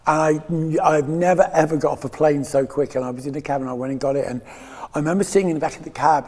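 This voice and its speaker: A man's voice: on the high side, fast talker, a little mellow, big-room sound. A man in his fifties from England, guest in a candid interview, talking in a rambling, emotional way with frequent laughs and restarts. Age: 50s.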